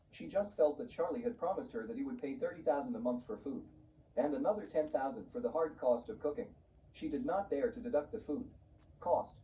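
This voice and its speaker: A man giving a scripted story narration in a flat, even reading voice. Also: medium pitch. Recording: muffled, distant, faint hiss.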